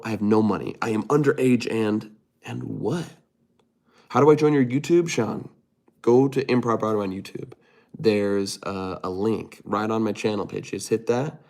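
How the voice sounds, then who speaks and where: A man's voice: on the low side, vocal fry, darkish tone. Young man chatting on a livestream. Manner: chatty, reads viewer comments aloud and answers them. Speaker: live streamer reading chat. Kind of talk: casual livestream chat.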